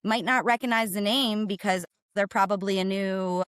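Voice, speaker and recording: A woman explaining to a podcast host, brisk and emphatic, often tagging points with "right?". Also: mid-range voice, fairly even intonation, a bit bright, smooth, no echo. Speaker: cargo claims and risk manager, guest.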